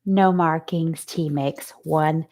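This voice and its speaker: A woman teacher giving a recorded phonics lesson to young students, slowly sounding out letters and praising her pupils. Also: low voice, fairly even intonation, a little mellow.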